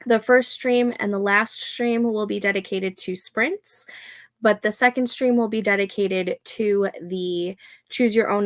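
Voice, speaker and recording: A woman's voice: mid-range voice, vocal fry, no echo. A young adult woman hosting a casual livestream from home at night, chatting with viewers and talking to her dog. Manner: talks to her dog between remarks to viewers. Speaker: livestream host. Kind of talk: casual chat to a livestream audience.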